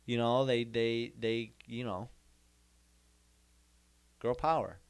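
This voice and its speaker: A man's voice: mid-range voice, slow, long pauses, smooth. A young man telling a comic story in a rambling monologue, repeating himself and making mock-indignant asides. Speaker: comedian host.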